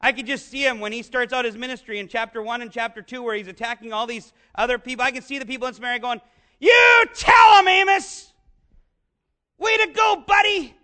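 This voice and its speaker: High-voiced, bright pastor preaching. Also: male voice, steady tone, racing, few pauses. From northern United States. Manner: conversational, asks the congregation questions, jokes. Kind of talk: sermon.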